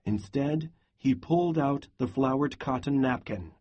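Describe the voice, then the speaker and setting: Husky man reading a novel aloud. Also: medium pitch, a little slow, dull audio. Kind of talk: read-aloud lesson narration.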